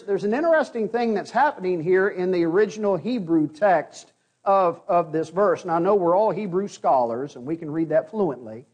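A man's voice: high voice, a little mellow. A man preaching an expository sermon to his congregation, earnest and repeating key phrases for emphasis.

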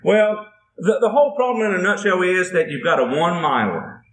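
A man's voice: high-pitched, lively intonation, a little fast, fairly bright tone, roomy sound, low-quality recording. A man preaching a folksy sermon, telling a homespun story and acting out a husband and wife. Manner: homespun, drawling storyteller acting out both spouses. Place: church building.

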